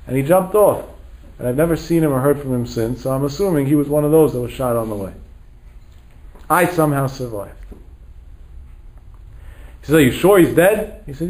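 Male rabbi, mid-pitched voice, dramatic storyteller who acts out every line of dialogue. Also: fairly quick, long pauses, darkish tone, poor audio. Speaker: rabbi lecturer. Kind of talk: storytelling sermon.

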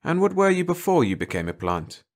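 A soft-spoken army doctor in a storybook reading, played by a man as he narrates, asking calm, patient questions in a voice pitched up from the narrator's own. He keeps the same gentle manner even as his questions press harder. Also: fairly quick. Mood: gently probing. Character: gentle middle-aged male army doctor.

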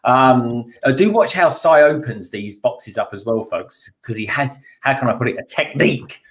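A man's voice: mid-range voice, normal speed. A man joining a live stream as guest, chatting casually, laughing often and repeating words for emphasis. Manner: laughs easily, repeats himself, stresses words. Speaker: guest co-host.

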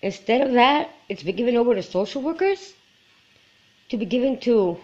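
A woman's voice: fairly high pitch, expressive, moderate pace, a little mellow. Woman, 40s, from Quebec, personal vlogger, earnest and emotional, muffled lo-fi sound. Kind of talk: personal vlog talk to camera.

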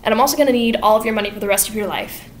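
A woman's voice: fairly high pitch, racing, a little hiss or hum, natural voice. A woman voicing a smug, blackmailing male rival barber who talks in a demanding way.

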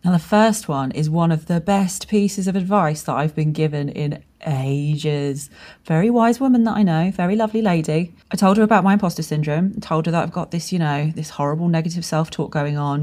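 A woman's voice: deep voice, a little fast, mellow. A woman hosting a solo podcast, talking candidly and casually, swearing freely as she tells stories. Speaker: podcast host and brand strategist.

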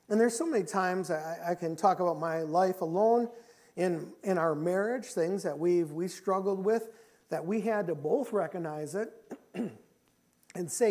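A man preaching a sermon as pastor, impassioned and repetitive, with swings between loud declarations and quiet confession. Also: high voice, a little slow. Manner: confessional, quiet when telling his own story.

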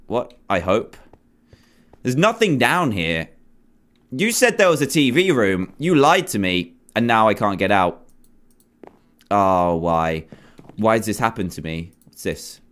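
A man's voice: a little high, fairly bright tone. A young man hosting a horror game playthrough, jumpy and exclaiming as he talks to himself and his viewers. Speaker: gaming video host. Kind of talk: let's play commentary.

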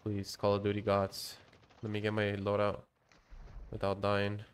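A man's voice: on the low side, completely flat delivery, unhurried, a little hiss or hum. A man streaming a shooter game, rambling in casual commentary, muttering to himself and swearing now and then. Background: gunfire from the game.

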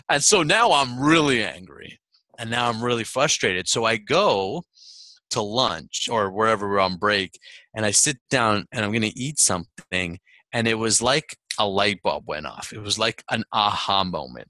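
Man, seminar talk, bright forceful tone, dry close sound, storytelling. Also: mid-range voice, unhurried, dry recording. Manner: storytelling, animated, laughs often. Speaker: motivational speaker.

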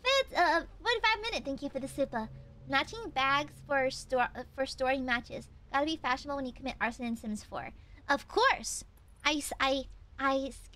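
A young woman streaming a game, chatting casually, teasing her chat and reading out donations in a playful, animated way. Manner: animated, quick pitch jumps. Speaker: VTuber streamer. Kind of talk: casual live-stream chat while gaming.

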